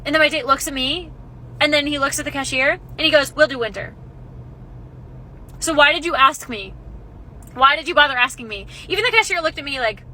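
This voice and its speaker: A young woman telling a story about a bad date in a casual, animated and exasperated way. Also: fairly high pitch, very fast, a little hiss or hum, rough recording.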